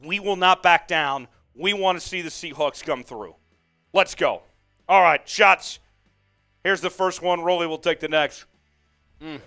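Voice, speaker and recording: A man hosts a live sports watch-along stream, fired up and hyped as he calls the plays and reads out viewer comments. His voice is on the high side and smooth with a sharp tone, his pace is measured with long pauses, and soft music plays behind him.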